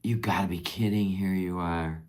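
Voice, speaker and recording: Slow, low-voiced woman in tender chat. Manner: tender, rambling, openly emotional; unhurried, trailing off mid-sentence. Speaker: livestream host. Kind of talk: casual livestream chat.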